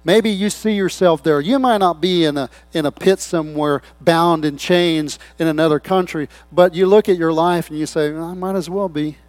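A pastor preaching a sermon, swinging between loud appeals and hushed, quiet asides, acting out short quoted voices. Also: male voice, fairly high pitch, moderate pace, few pauses, no echo. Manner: acts out people's voices in short quoted bits.

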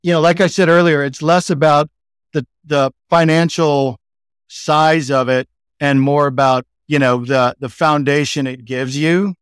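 A middle-aged Texan man spins an easygoing anecdote as a podcast guest, his voice pitched a bit high and very smooth and clear. He fills his talk with relaxed "like"s and "you know"s. The sound is close and dry. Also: unhurried, no room sound. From Texas. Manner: chatty, laid-back, frequent 'like' and 'you know' fillers. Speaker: guest, sales executive. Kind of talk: casual anecdotal storytelling.

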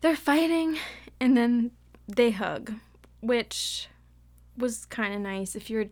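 A woman's voice: on the high side, animated, slow, a little mellow. A young woman co-hosting a casual book-club podcast, chatty and giggly, reading passages aloud. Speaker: podcast co-host.

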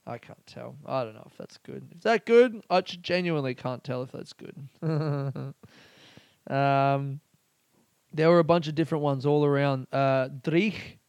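A man talks in a loose, rambling podcast monologue, swearing freely. His voice is smooth and resonant at a middle pitch. The sound is close and dry. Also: a little slow, a little mellow, no echo. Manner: rambling, profane and laughing. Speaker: podcast host. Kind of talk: casual solo podcast monologue.

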